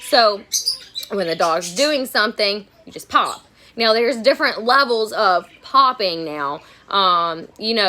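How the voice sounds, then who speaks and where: Getting ready on a home livestream, a dog trainer chats frankly and casually, frequently saying the same things again. Her voice is on the low side yet pushed and bright. A phone or camera at arm's length captures her.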